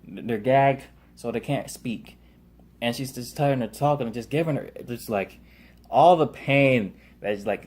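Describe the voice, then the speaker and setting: A man's voice: medium pitch, unhurried, darkish tone. A man casually recapping a TV episode, rambling with lots of fillers and loosely paraphrased quotes. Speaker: TV show reviewer.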